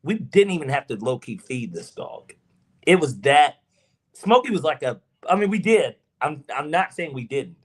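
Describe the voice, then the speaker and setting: A man's voice: fairly high pitch, sing-song, normal speed, husky. A man co-hosting a sports podcast, telling a family story in an earnest, self-correcting way. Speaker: podcast co-host. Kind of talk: casual chat.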